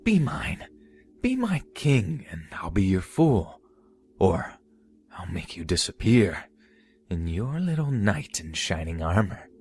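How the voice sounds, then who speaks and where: A man's voice: medium pitch, huge pitch swings, slow pace, dark tone, a little hiss or hum, pitched above the performer's own voice. A man voicing an unhinged male stalker dressed as a jester, crooning mock-romantic lines before turning menacing.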